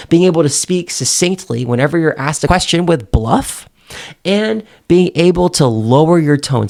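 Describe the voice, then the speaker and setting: A man teaching confident speaking as a coach, pausing for effect and acting out example sentences. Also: medium pitch, gravelly, darkish tone. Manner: demonstrates intonation with example sentences; emphatic, pauses for effect. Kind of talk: instructional talk.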